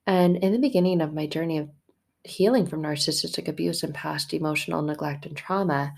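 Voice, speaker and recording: A woman recovery coach talking candidly in a faith-based vlog, expressive and emphatic, moving from soft reflection to heated outbursts. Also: deep voice, brisk, vocal fry. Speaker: emotional abuse recovery coach.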